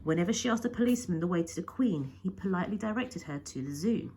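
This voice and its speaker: A woman's voice: lowish voice, lively intonation, quick pace, a little mellow, breathy edge. A woman teacher reading a picture book aloud with expression, often dropping to a whisper. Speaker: primary school teacher.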